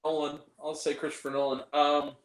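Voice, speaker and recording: A man hosting a live stream, chatting casually and a little tired, animated and given to laughing and acting out lines. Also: on the high side, a little fast, echoey room, poor audio. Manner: animated, laughing, acts out film quotes. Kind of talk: casual chat.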